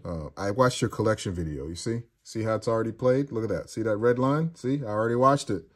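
A deep-voiced man hosting a loose, casual chat and reading out comments from his viewers. His talk is crude and joking, and it rambles from one thing to the next. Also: quick pace.

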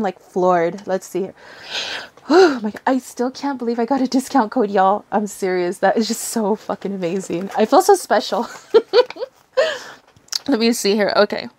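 A woman's voice: on the high side, a little mellow. A young woman with a gushing, giddy manner, unboxing and showing items as a tarot reader. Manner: giddy, gushing, swears and giggles often. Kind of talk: excited casual unboxing vlog.

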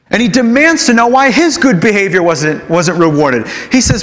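A man preaching a sermon, telling a story with lively delivery and acting out the characters in it. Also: high-pitched, normal speed, few pauses. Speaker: pastor. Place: church sanctuary. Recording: long church hall reverb.

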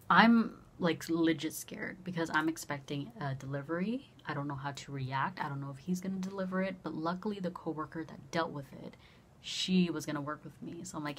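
Acting out both parts of a conversation, a young vlogger tells a story in a casual, animated way, cursing freely. She speaks in a low-pitched voice.

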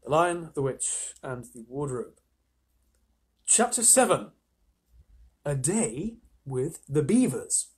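Lively man, husky edge, reading a kids' story with chatty asides. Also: fairly high pitch, takes it slowly, pauses often. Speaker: storyteller, live reader. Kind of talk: reading a children's story aloud.

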